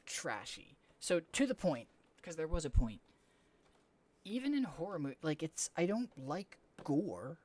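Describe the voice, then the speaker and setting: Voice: medium pitch, big pitch swings, unhurried, darkish tone. A young adult streamer chatting casually during a game stream, rambling with lots of "like" and blunt swearing. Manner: rambling, heavy use of "like", frank swearing.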